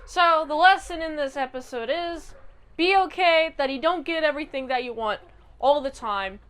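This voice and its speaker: A woman recapping and reviewing a TV episode in a chatty, animated way. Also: high voice, normal speed. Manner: chatty and animated, acts out quotes. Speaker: show reviewer.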